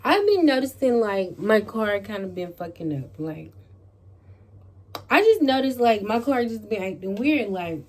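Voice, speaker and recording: A woman vlogger tells a casual storytime. She is animated, with plenty of "like" and swearing. A faint hum of noise sits behind her in a home bedroom. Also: mid-range voice, unhurried.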